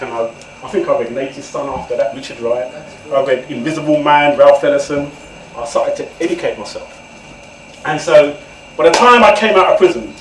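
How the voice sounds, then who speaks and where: A man, an author telling comic stories to an audience in an animated way and laughing often. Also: a little high. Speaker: author, guest speaker. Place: event room indoors. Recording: echoey room from far off, noisy.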